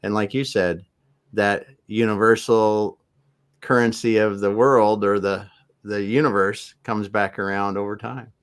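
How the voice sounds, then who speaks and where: A man's voice: on the low side, fairly even intonation, a little slow, clear, resonant tone. A man hosting a podcast, speaking in an easygoing, reflective way with lots of fillers. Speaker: podcast host. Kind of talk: casual conversation.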